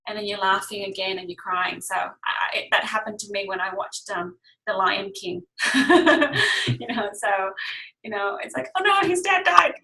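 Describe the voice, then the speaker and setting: Bright-voiced woman teaching a health class. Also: medium pitch, flat delivery, moderate pace, creaky, rough recording. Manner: explanatory, often checks in with listeners. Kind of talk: casual online class.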